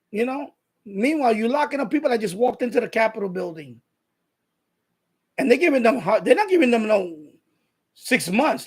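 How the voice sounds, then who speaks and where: Live stream host, New man, husky, profane and combative, casual rant. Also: very high-pitched. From New York. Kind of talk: casual ranting monologue.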